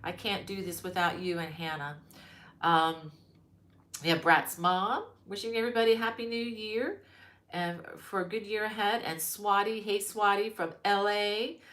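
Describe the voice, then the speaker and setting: A woman's voice: medium pitch, steady tone, measured pace, a bit bright. A middle-aged woman hosting a crochet live stream, chatting casually and greeting viewers by name with many ums. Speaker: crochet channel host. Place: her mother-in-law's home.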